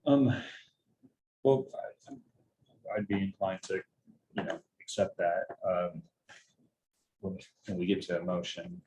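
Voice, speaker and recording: A deep-voiced man chairing a board meeting, weighing each point slowly and circling back on his words. He hedges often and fills pauses while he thinks, and a faint hiss sits under his voice. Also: warm tone, poor audio. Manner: hesitant, hedging, many fillers and restarts. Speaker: board member leading a public meeting. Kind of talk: formal meeting discussion.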